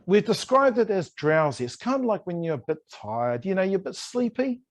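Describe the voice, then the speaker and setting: Brief: a male New language teacher, playful and a touch high-voiced, drilling words over a video call. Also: very animated, moderate pace. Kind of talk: online language lesson.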